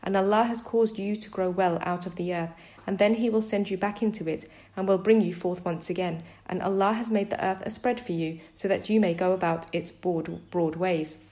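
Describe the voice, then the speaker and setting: A woman reading a scripture translation aloud in a measured, steady recitation. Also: medium pitch, roomy sound. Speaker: scripture reader.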